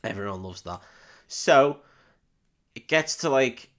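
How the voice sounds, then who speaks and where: Casting: male podcast co-host, mid-pitched, loose and rambling recap delivery, casual swearing, laughs while acting out lines. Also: expressive, slow, a bit bright. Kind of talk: casual film recap chat.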